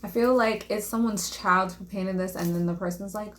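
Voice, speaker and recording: A woman's voice: medium pitch, steady tone, normal speed, hardly any pauses, a bit bright. Chatty young woman vlogging a craft. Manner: self-deprecating, chatty, talks to viewers while painting. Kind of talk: casual craft vlog chat.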